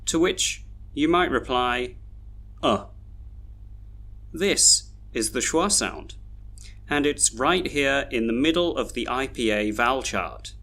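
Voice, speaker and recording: Guy teaching pronunciation, says every word twice real slow and careful. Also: mid-range voice, animated, sharp tone. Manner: slow, careful modelling of words, each said twice. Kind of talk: scripted video lesson.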